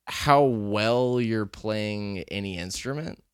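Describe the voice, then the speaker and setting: A man speaks slowly in a lowish, smooth voice while co-hosting a podcast. He tells a story in casual chat, rambling loosely and filling it with fillers, recorded in a clean studio with no room sound.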